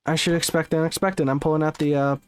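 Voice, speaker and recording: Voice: medium pitch, steady tone, quick pace, clean tone. A gaming streamer giving let's-play commentary, swearing often and ranting in exasperation.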